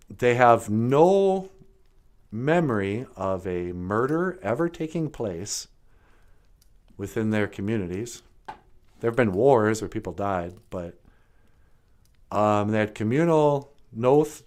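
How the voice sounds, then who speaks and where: A man's voice: fairly low pitch, lively intonation, slow pace, pauses often. A man with an Ojibwe reservation English accent, co-hosting a podcast and telling a story in loose, joking casual chat.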